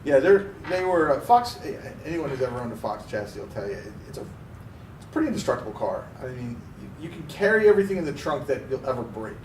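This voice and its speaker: Male co-host from Pennsylvania, animated storyteller, recorded off-mic in a roomy space with faint noise. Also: mid-range voice, fast talker, recorded from a distance. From Pennsylvania, USA. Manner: animated storyteller, acts out quoted voices. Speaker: podcast co-host. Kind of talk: casual storytelling chat.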